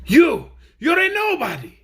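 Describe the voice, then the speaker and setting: A man's voice: very high voice, very animated, normal speed, gravelly, fairly bright tone, slightly rough, voice pushed up, heavily acted. A man voicing a hot-tempered tin soldier who speaks harshly and indignantly.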